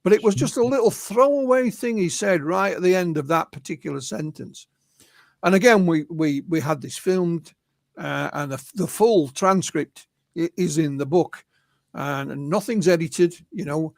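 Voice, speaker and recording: This is an Englishman, high in pitch, talking as an interview guest. He retells witness accounts, sprinkling his speech with "you know". The sound is dry and close. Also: normal speed, creaky, no room sound. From England. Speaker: guest, UFO researcher and author. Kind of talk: anecdotal storytelling in an interview.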